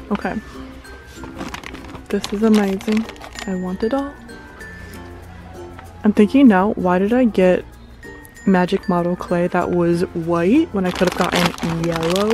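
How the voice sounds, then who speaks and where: A young woman vlogging casually with excitable, bubbly energy, sometimes dropping to a whisper in public, recorded on a handheld camera. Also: medium pitch. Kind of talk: casual vlog chat. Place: at home, then a craft store. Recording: pop music clearly audible behind.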